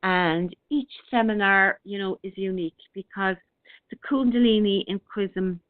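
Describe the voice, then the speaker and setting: A middle-aged woman hosts a spiritual radio show in a gentle, unhurried way, pausing often and restarting her sentences. Her voice comes through a narrow, phone-like line with no room sound at all. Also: medium pitch, dry recording. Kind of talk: casual spiritual talk, reading out listener comments. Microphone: online radio broadcast. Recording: thin phone-like line, dry.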